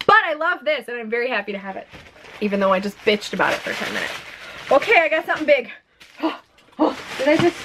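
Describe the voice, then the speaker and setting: Chatty excitable woman unboxing makeup. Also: fairly high pitch. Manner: chatty, excitable, self-mocking, with frequent laughs. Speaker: beauty vlogger. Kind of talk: casual unboxing vlog. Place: home room with a ring light.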